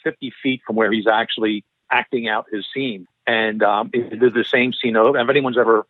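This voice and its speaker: A former FBI profiler, a middle-aged man with a Philadelphia accent, appears as an interview guest telling long, rambling anecdotes, frequently restarting and correcting himself mid-sentence. His fairly low voice is brisk with fairly even intonation. The phone-line audio is tinny and dry, with no room sound.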